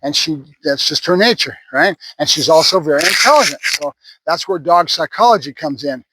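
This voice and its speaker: A man's voice: a little high, expressive, moderate pace, heavy background noise. A man who works as a dog trainer explains puppy training in a casual way, often adding "right?" as he talks. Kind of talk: casual instructional talk while training a puppy.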